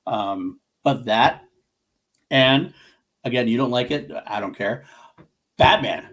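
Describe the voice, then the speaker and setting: A man's voice: mid-range voice, slow pace, a bit bright. A man co-hosting a podcast, talking about films in a casual, enthusiastic, rambling way. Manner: enthusiastic, rambling, with restarts and swearing. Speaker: podcast co-host. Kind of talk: casual movie discussion.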